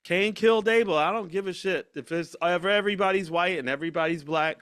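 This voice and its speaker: A man's voice: sits high, fast talker, a bit bright, clear, resonant tone, dry recording, clean studio sound. A man hosting a podcast conversation, blunt and emphatic, swearing freely and acting out quoted voices. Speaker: podcast host. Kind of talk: casual conversation.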